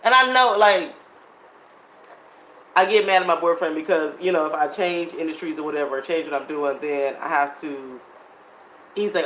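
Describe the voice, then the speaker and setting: A woman's voice: lowish voice, expressive, moderate pace, fairly bright tone, slight background noise. A woman, chatting casually and animatedly with her viewers and laughing often. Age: 30s. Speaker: vlogger. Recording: echoey room with faint ambience.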